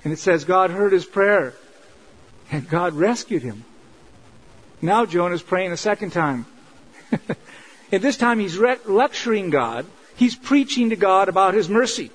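High-voiced preacher giving an earnest sermon. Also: male voice, animated, measured pace, a bit bright, rough recording. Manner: earnest, conversational preaching with emphatic repetition. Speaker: pastor.

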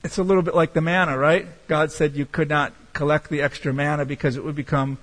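A man preaching a sermon as pastor, emphatic and slowing down to stress key words. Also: fairly high pitch, little pitch movement, fairly bright tone, in a large hall, low-quality recording.

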